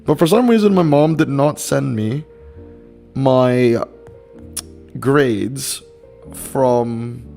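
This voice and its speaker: A man's voice: mid-range voice, drawn-out words, gravelly, long pauses, dark tone, soft background music. A young man live-streaming a racing game, chatting casually and answering his chat in a rambling, laid-back way.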